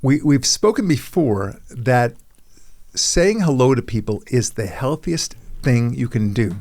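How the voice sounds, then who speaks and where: A man's voice: mid-range voice, animated, unhurried, darkish tone. A middle-aged man hosting a podcast in casual chat, rambling and self-mocking, often repeating his words as he starts sentences. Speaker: podcast host.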